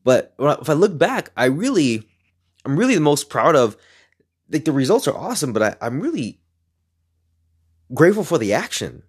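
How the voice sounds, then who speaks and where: A young man casually telling personal stories in a rambling, profane way, getting animated as he retells them. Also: a little high, normal speed, pauses often, husky. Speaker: speaker sharing personal stories. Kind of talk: casual storytelling monologue.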